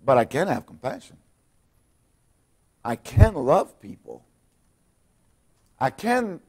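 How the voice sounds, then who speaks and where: Man preaching a dynamic sermon. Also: a little high. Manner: dynamic preaching, swings from hushed to loud. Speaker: pastor. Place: church sanctuary.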